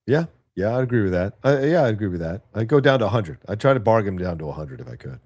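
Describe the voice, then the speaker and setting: A man's voice: lowish voice, sing-song, fast talker, a little mellow. A man as co-host in a casual chat, agreeable with short replies.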